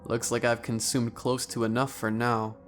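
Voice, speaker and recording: A man voicing a huge gluttonous man who preaches endless hunger in a hushed, wheezing, fervent voice. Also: mid-range voice, level tone, moderate pace, soft background music, close to an everyday voice. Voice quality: wheezing, snarling.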